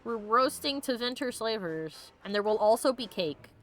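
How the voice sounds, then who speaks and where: A woman's voice: on the high side, lively intonation, normal speed, soft background music. A woman streamer giving casual gameplay commentary, bubbly and joking, laughing often and acting out the characters' lines. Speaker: let's play streamer.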